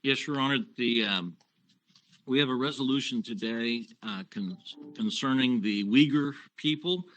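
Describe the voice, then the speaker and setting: A man serving as county commissioner at a public meeting. He brings in a resolution with halting, filler-laden remarks, then reads it in a steady, formal way. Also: medium pitch, dull audio, soft background music.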